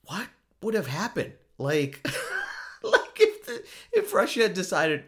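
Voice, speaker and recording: A man's voice: sits high, wildly swooping pitch, takes it slowly, creaky, a bit bright. A man giving a casual, joking commentary monologue, often laughing at himself. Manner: joking, self-mocking, frequent laughs. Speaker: vlogger.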